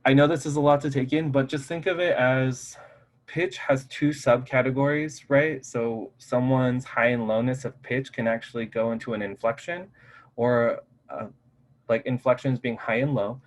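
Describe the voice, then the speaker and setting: A man's voice: medium pitch, fairly even intonation, moderate pace, rough recording. A man teaching a casual recorded lecture in a loose, conversational way, with many filler "like"s, into his own microphone. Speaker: college instructor. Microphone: personal microphone.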